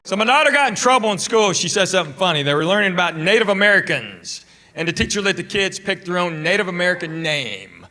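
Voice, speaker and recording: A middle-aged man performing stand-up comedy, telling family stories in a deadpan way with pauses before punchlines. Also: on the high side, crowd noise. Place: comedy club stage. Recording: live stage audio with audience laughter. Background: audience laughter.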